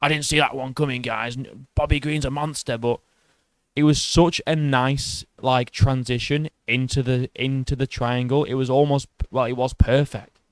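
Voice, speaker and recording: A man hosting a casual MMA vlog, excitable and heavy on swearing, who often restarts his sentences. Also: medium pitch, moderate pace, smooth, no room sound. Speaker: MMA channel host. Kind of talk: casual fight commentary vlog.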